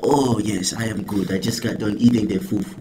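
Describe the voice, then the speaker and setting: A man's voice: lowish voice, steady tone, a little fast, mellow, a little hiss or hum, natural voice. A young man putting on a cheerful, overly polite man. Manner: formal, exaggerated.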